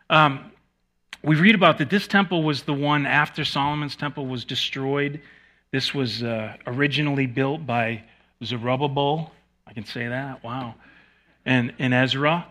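Bright-voiced pastor preaching casually. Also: male voice, mid-range voice. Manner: conversational, joking asides, frequent restarts. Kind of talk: sermon teaching. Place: in front of a live congregation.

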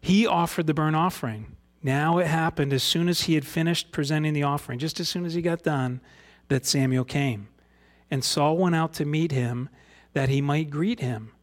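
Folksy pastor with a slightly high voice. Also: male voice. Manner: asks rhetorical questions, earnest and folksy. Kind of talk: conversational sermon with scripture reading.

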